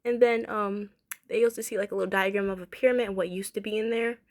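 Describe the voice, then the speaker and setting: A woman in her twenties reviewing a cartoon episode in a casual, excitable way, gushing and repeating herself as she talks. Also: medium pitch, fast.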